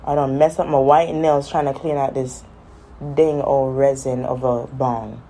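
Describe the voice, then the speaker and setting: A woman's voice: a bass voice, steady tone, unhurried, dark tone, a little hiss or hum. A woman chatting casually on a vlog, telling a rambling, exasperated story. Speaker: vlogger. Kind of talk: casual chat.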